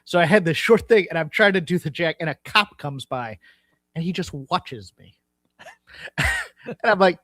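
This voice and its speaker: A man's voice: on the high side, animated, moderate pace, pauses often, fairly bright tone, dry recording. A man hosting a casual podcast, joking and teasing his co-host. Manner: jokey, teasing banter.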